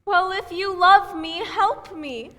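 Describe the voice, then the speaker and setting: A woman's voice: very high-pitched, takes it slowly, pushed and bright, full character voice. A woman playing a frightened young bride in a stage play, pleading and tearful. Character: frightened young bride on her wedding day. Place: stage in a large hall. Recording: stage in a hall with music behind.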